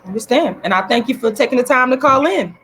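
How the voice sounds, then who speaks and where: Woman running a live call-in stream, bright sharp voice, pretty high, really emphatic. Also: animated, fast talker, a little hiss or hum. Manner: emphatic, declaiming to viewers. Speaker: host.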